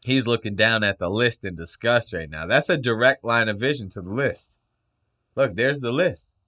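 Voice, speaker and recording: A man's voice: medium pitch, moderate pace. A man hosting a casual podcast, joking, swearing freely and acting out quoted voices. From Puerto Rico heritage. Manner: profane, animated, jokey, acts out quoted voices. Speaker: podcast host.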